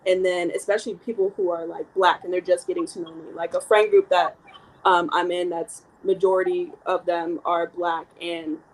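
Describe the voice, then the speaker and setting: A young woman in casual conversation, reserved and soft-spoken, speaking on a video call with lots of fillers. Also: lowish voice, little pitch movement, moderate pace, rough recording. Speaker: co-host.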